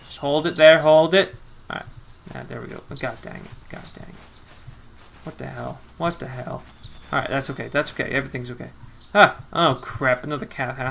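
A young man giving let's-play commentary, excitable, with melodramatic outbursts and mild swearing. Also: fairly high pitch, creaky. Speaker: gamer. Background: game music.

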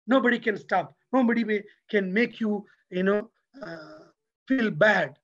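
A man giving a motivational religious talk, lively and preacherly, who keeps asking his audience rhetorical questions. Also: high-pitched, a little slow, dull audio. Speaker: lecturer.

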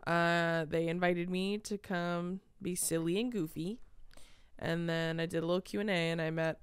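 A woman's voice: lowish voice, steady tone, normal speed, clean tone, no echo, clean studio sound. A young woman co-hosting a casual podcast chat, laughing often and swearing freely. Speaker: podcast co-host.

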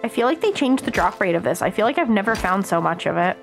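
An American woman streaming a game, chatting excitedly with her viewers as she plays. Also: medium pitch, quick pace, creaky, soft background music. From United States. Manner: chatty, excitable, talks to chat while playing. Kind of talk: casual live-stream chat while gaming.

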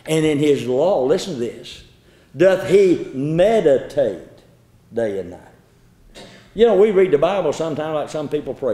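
A man preaching a folksy sermon. He tells stories, repeats words and draws some phrases out slowly. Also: on the high side, lively intonation, warm tone. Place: church lecture hall. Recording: echoey hall.

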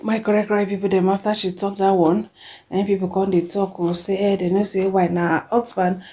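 A woman with a Nigerian accent, chatting about celebrity gossip and reading fan comments aloud with lively exclamations. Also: mid-range voice, a little fast, breathy edge.

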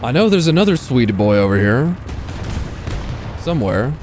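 A man giving casual commentary over his own gameplay, excitable, swearing freely and talking to enemy tanks. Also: mid-range voice, moderate pace, a little hiss or hum. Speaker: gaming YouTuber.

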